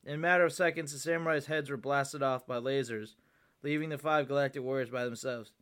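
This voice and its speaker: A man's voice: mid-range voice, fairly even intonation, fairly quick, a bit bright, clean tone. A young man on his podcast reading aloud his own childhood story, with amused, chatty asides. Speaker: podcast host.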